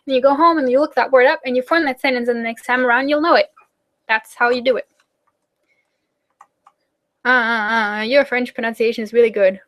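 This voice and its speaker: A young woman with a German accent chats through viewer questions in a loose, rambling way. Her voice sits a touch high. She fills gaps with ums and likes and breaks into quick laughs. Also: fairly even intonation, fairly bright tone. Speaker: German-teaching YouTuber hosting a live Q&A. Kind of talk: casual live chat answering viewer questions.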